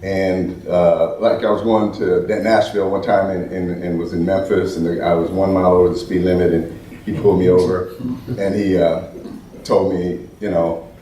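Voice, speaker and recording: An American man giving an animated storytelling talk at an event, restarting often and acting out the voices he quotes. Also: low-pitched, normal speed, a little hiss or hum. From United States. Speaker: speaker at an event. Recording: roomy hall from far off.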